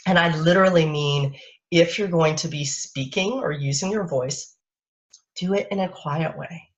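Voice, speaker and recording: Soft-spoken woman coach, lo-fi stream. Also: sits low. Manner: soft, unhurried, lulling delivery. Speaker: parenting coach. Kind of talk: live-streamed parenting talk. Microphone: webcam or phone on a live video stream. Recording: dull lo-fi stream audio.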